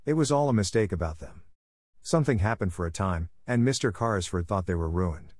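A man reading aloud, voicing a stunned schoolgirl who answers slowly, as if half dazed. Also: sits low, lively intonation, darkish tone, no room sound, clean studio sound. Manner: slow, dazed. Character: round-faced schoolgirl, stunned and stout.

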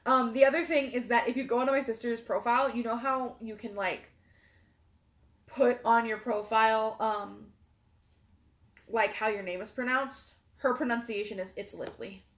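Twenties woman, high pitch, animated profane storyteller, roomy echo. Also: normal speed. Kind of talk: casual chat, storytelling.

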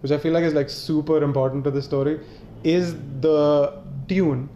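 A man co-hosting a podcast in casual chat, animated and laughing, acting out quotes. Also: fairly high pitch, normal speed, lo-fi sound, a little hiss or hum. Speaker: podcast co-host. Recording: roomy echo.

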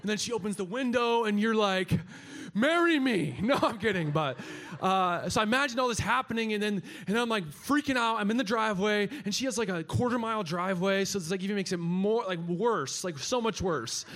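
Young man, storytelling, animated, quoting friends. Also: sits high, fairly quick, hardly any pauses. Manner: animated, acts out quotes, laughs often. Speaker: speaker at a young adults gathering. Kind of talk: storytelling to a live audience.

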